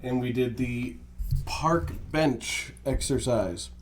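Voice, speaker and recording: A young man in casual chat, telling a story in a deadpan way that breaks into laughter. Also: medium pitch, slow, slight background noise.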